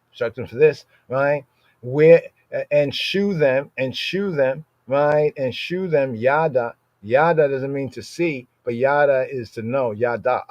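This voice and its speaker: A man's voice: medium pitch, no room sound, dull audio. A man giving a conversational Bible teaching. He keeps checking in with "right?" and repeats and defines Hebrew words. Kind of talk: Torah study talk.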